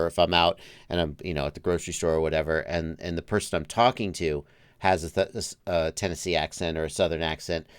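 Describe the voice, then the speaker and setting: A man who grew up in Georgia hosting a livestream, chatting casually, laughing easily and trailing off quietly. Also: low-pitched, smooth, no room sound. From Georgia, US South. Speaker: livestream host. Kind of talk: casual chat.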